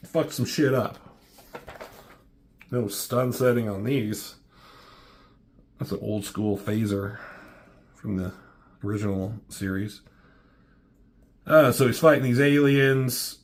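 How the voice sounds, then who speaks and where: A man's voice: mid-range voice, takes it slowly, pauses often, darkish tone. Offhand, foul-mouthed man reviewing comics. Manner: offhand, swears freely. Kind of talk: casual commentary.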